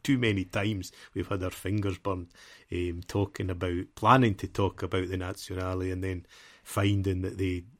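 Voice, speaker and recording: A man's voice: low-pitched, little pitch movement, normal speed, a bit bright. A man co-hosting a football podcast, chatting casually in a rambling, self-deprecating way and laughing often. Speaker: podcast co-host.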